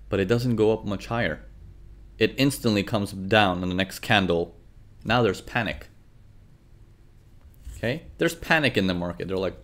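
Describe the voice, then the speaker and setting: A man's voice: fairly low pitch, unhurried, pauses often. A man teaching trading over charts, talking animatedly, checking in often with "okay" and "right". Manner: animated, frequent "okay" and "right", acts out traders' thoughts. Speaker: trading instructor. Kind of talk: live chart lesson.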